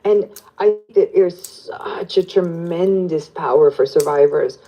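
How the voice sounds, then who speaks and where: A woman psychologist explaining in an interview, animated and lively as she acts out what people say. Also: fairly low pitch, measured pace, lo-fi sound. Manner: animated, plays out quoted voices. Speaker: psychologist guest.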